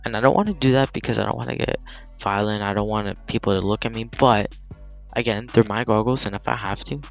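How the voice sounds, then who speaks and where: A teenage guy telling a story in a casual vlog, animated and heated, swearing freely and filling with "like". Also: lowish voice, fairly quick, creaky, soft background music. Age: teens. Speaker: gaming channel storyteller.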